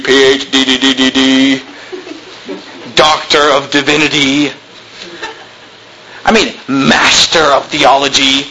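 A man's voice: high-pitched, pushed and bright, a little hiss or hum, poor audio. A man preaching a sermon as a pastor, telling stories animatedly, acting out dialogue and dropping sarcastic asides.

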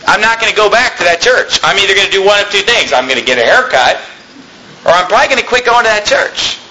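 Male pastor, high bright voice, animated sermon delivery in an echoey hall. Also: fast, slight background noise. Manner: animated preaching, mimics people in quotes.

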